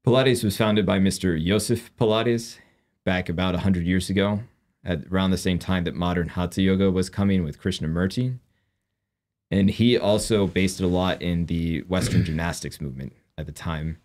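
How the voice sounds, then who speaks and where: A man with a very low voice, speaking as a guest in an interview. He explains things in an earnest, measured way. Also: darkish tone. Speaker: guest, former yoga practitioner. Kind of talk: interview conversation.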